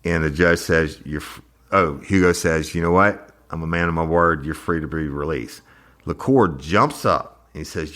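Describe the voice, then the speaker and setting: Male podcast host, low voice, recounts trial testimony and jumps up in pitch to act out each quoted speaker. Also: normal speed. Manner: retells courtroom exchanges, acting out quotes with lively pitch jumps. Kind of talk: true crime podcast retelling.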